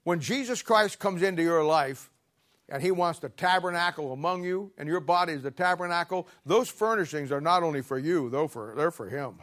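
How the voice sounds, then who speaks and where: A man preaching a sermon with a blunt, scolding, plain-spoken manner, swinging from quiet murmurs to loud emphatic peaks. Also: on the high side, animated, moderate pace.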